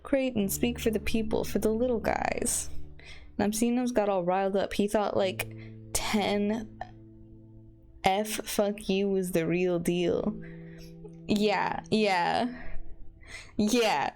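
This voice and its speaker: A woman's voice: medium pitch, fairly even intonation, takes it slowly, pauses often, a little mellow, faint music behind. A young woman from Michigan with a Michigan accent, chatting casually while streaming a game and rambling about how she pronounces words. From Michigan, USA. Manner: rambling and chatty, plays with her own pronunciation. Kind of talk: casual chat while gaming.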